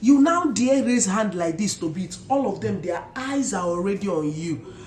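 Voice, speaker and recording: A young Nigerian woman telling stories casually to her viewers with an animated, expressive manner and Pidgin asides. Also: mid-range voice, moderate pace, echoey room. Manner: animated, mixes Pidgin asides, imitates loud shouts. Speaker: vlogger. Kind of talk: casual storytelling to camera.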